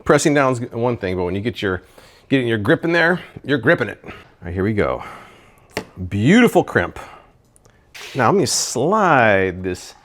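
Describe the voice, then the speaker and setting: Here a man reviews kitchen gadgets while cooking at home, thinking aloud in a relaxed vlog style. His mid-range, fairly bright voice has a sing-song lilt, moving at a moderate pace with frequent pauses.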